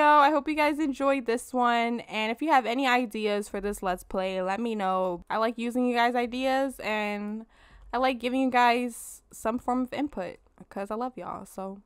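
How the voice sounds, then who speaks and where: A woman hosting a let's play, giving animated, casual gameplay commentary straight to her viewers and swearing freely. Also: fairly high pitch, measured pace, clear, resonant tone, no room sound, studio quality.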